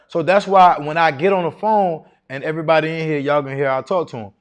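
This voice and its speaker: A man teaching a live seminar to an audience in a room, casual and confident, often asking the crowd rhetorical questions. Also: fairly high pitch. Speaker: seminar speaker teaching contracting.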